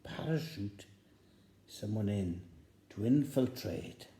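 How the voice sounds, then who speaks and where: A man's voice: on the low side, lively intonation, slow pace, dark tone. A man telling a joke as a rambling story, repeating phrases for effect. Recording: roomy echo.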